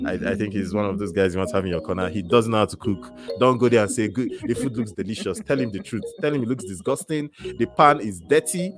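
A man's voice: on the low side, fast talker, few pauses, music in the background. A man hosting a live stream, chatting casually with jokes, teasing and repetition. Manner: joking, teasing, repeats himself.

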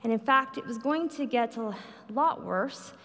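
Woman, sermon testimony, earnest storyteller, higher voice, long reverb. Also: animated, a little slow, a bit bright. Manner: earnest storytelling, quotes others with raised pitch. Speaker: preacher.

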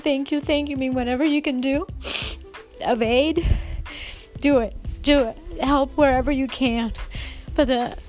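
High-voiced woman hosting a fitness podcast. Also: a little mellow. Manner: emotional, heartfelt, earnest. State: upset, near tears. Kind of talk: personal podcast monologue.

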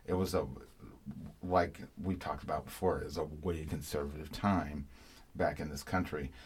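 A man's voice: a bass voice, fairly even intonation, moderate pace, slight background noise. A man hosting a podcast in casual chat, talking emphatically and rambling with fillers. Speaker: podcast host.

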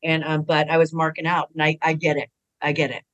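A middle-aged woman who is a retired pro wrestler tells stories in a casual interview. She's animated and brisk, her voice jumping higher when she quotes people, though the audio quality is poor.

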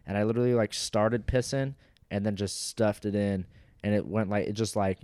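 A man's voice: on the low side, steady tone, normal speed, darkish tone, clear, resonant tone, dry recording. A young man in crude casual chat, rambling with constant filler words and frequent laughter.

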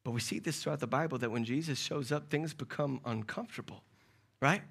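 A man preaching a sermon as pastor, moving from hushed, quiet passages to loud, urgent calls. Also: medium pitch, a little fast, husky. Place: church service. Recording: loud music under the voice.

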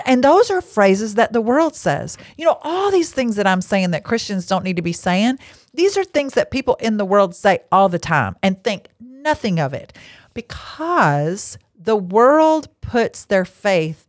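In a clean studio recording free of echo, a woman with a medium-pitched voice hosts a casual Christian teaching talk from a table indoors. She's a podcast host and lay marriage counselor, blunt and bottom-line but given to chatty asides.

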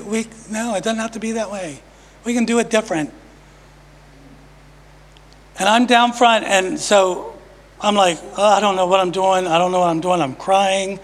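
A man preaching a testimony in a church, emphatic and dropping often to a hushed voice. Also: high-pitched. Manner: emphatic, swings from loud to hushed. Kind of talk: sermon testimony. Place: church sanctuary. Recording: long reverb of a church hall.

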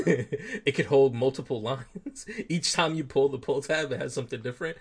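A man's voice: mid-range voice, normal speed, husky. A man hosting a podcast in casual banter, laid-back and teasing, laughing easily. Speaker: podcast host.

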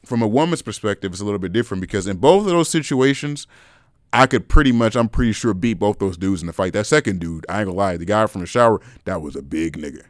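Chill young guy hosting a podcast, says bro a lot, lowish voice, dry sound. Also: animated, quick pace, no room sound. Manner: laid-back, frank, calls listeners bro. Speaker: podcast host. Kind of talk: casual chat.

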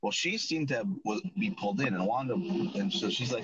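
A lowish-voiced man talks fairly quickly with lively intonation as he recaps a chat show episode, rambling and frequently restarting or correcting himself. He's a podcast host, heard on a dull, lo-fi, dry recording with a noisy background.

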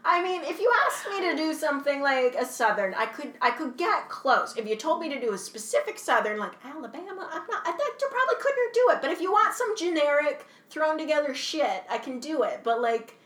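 A young woman from Canada chatting casually, animated and swearing freely, laughing often. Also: sits high, fairly quick, hardly any pauses, roomy sound. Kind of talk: casual chat.

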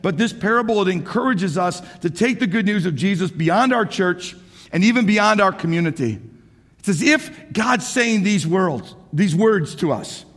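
A man in his forties preaching a sermon as pastor, animated, swinging from shouts to hushed asides. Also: high-pitched, normal speed. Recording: echoey hall.

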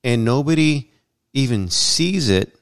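A man's voice: medium pitch, expressive, slow pace, clean tone. A man hosting a casual podcast chat, talking bluntly and emphatically and swearing freely. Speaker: podcast host.

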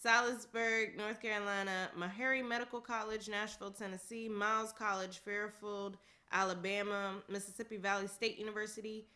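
A woman's voice: medium pitch, flat delivery, fairly quick, hardly any pauses, sharp tone. A woman casually reading a long list aloud, laughing often and adding offhand comments. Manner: reads steadily, laughs often, tosses in casual asides.

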